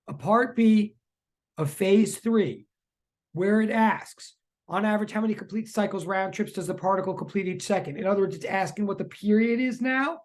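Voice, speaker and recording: Excitable physics teacher. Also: mid-range voice. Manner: excitable, chatty, repeats questions; talks to students in chat. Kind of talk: live online lecture.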